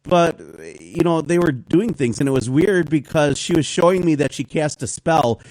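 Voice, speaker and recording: A man tells a story on a talk show in a rambling, animated way, slipping into other people's voices as he goes. His voice sits a touch high, and the sound is dry and close, with no room echo. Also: moderate pace. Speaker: guest. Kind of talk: casual talk show conversation.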